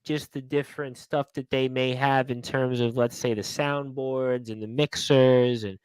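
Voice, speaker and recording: A man's voice: medium pitch, steady tone, a little slow, darkish tone, clear, resonant tone, dry recording, rough recording. A man hosting a radio interview, asking questions in long run-on remarks. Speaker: radio show host.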